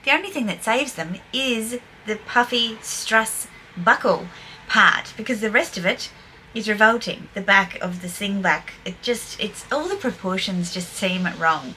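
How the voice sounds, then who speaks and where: A woman's voice: mid-range voice, pushed and bright, a little hiss or hum. An older woman giving blunt, playful fashion commentary in her own video. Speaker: vlogger.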